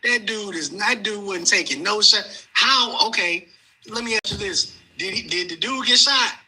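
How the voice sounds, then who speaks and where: A man's voice: high voice, animated, normal speed, bright, forceful tone, husky, rough recording. A man calling into a livestream, talking bluntly and heatedly in a slangy, casual way. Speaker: caller. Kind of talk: casual call-in chat.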